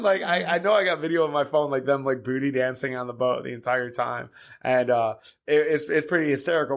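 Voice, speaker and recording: A man's voice: medium pitch, fairly bright tone. A man who hosts a podcast and runs boat charters, telling stories in a rambling, filler-heavy way and laughing along. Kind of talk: casual anecdotal storytelling.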